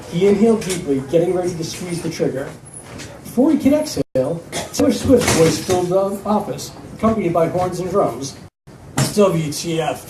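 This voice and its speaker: A man, an author, narrating his own novel at a live reading event in a steady storytelling manner. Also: on the high side, a little hiss or hum. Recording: echoey room from a distance.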